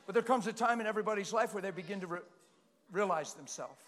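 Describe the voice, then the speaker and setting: A man delivers an animated, passionate sermon, his voice high and ringing. His talk swings between quiet asides and sudden loud bursts. A long reverb from a large hall trails after his words. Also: fast talker. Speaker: preacher.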